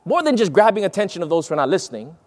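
Lively high-voiced preacher man. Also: rapid-fire. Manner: emphatic, asks the audience questions, stretches key words. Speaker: preacher teaching on speaking. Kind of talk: sermon-style lesson.

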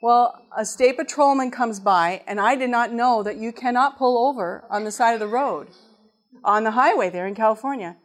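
A woman preaching a sermon, telling a personal story and acting out the dialogue in a lively way. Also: on the high side, normal speed.

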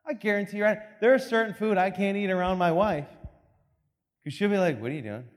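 A man preaching a sermon as pastor, telling stories with comic asides and quick laughs, in a reverberant church hall. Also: sits high.

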